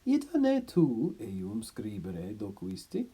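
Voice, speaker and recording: A man voicing a sarcastic, indignant male doctor in a spoken Latin story, with a husky voice. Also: lowish voice, huge pitch swings, slow, warm tone, exaggerated voice. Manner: sarcastic, scornful.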